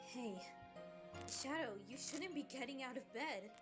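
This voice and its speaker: A woman's voice: high-pitched, a little slow. A woman voicing a concerned female companion who scolds an injured hero, in a fan dub. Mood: worried. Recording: music playing under the voice. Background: music.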